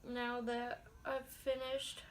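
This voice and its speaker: A woman's voice: on the high side, monotone, slow, slight background noise. A young woman vlogging a makeup tutorial in casual self-talk, with a light put-on country accent. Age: young adult. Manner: chatty, self-talking, with mild exclamations. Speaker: beauty vlogger. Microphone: phone camera.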